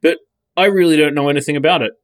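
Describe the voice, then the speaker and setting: A man's voice: a little high, fairly even intonation, fast, no room sound, studio quality. A man in casual podcast chat, blunt and sweary, often restarting his sentences.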